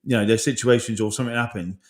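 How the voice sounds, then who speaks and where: Brisk, candid man in his 40s, podcast host, heavy swearing, rambling and heartfelt. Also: medium pitch, steady tone, darkish tone. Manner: swears often, rambling, emotional. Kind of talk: casual chat.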